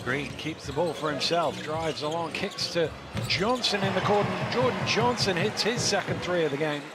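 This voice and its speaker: A man doing play-by-play commentary on a basketball game, calling the action with quick excitement. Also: fairly high pitch. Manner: excited, fast calls of the action. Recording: loud arena noise behind.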